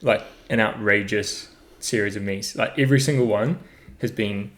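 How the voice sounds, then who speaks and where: A man's voice: fairly low pitch, moderate pace. A young man with a New Zealand accent, co-hosting a casual podcast chat and laughing easily. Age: young adult. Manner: laid-back, laughs often. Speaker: podcast co-host.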